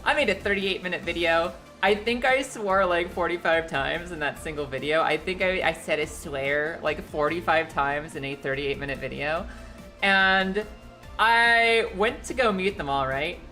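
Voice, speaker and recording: A young woman streaming from her living room, chatting casually and animatedly, often laughing and jumping into high excited squeals, her voice slightly echoey. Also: normal speed, soft background music. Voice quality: a little echoey today. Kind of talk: casual chat. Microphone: streaming setup.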